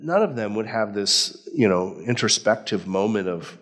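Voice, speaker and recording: A man preaching a sermon in a conversational, animated way, acting out quotes as he goes. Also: fairly low pitch, normal speed, few pauses. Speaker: pastor.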